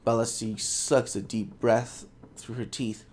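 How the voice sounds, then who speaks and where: Male gaming host, casual reader, self-mocking, unhurried. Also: mid-range voice, steady tone, a little mellow. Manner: casual, self-mocking, stumbles over words. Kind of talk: reading game text aloud with asides.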